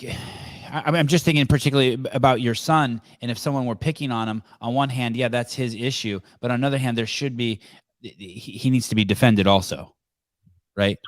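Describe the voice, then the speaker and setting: A man's voice: medium pitch, steady tone, normal speed, no echo. A man hosting a call-in podcast, talking casually with many restarts and repeated words. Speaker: podcast host.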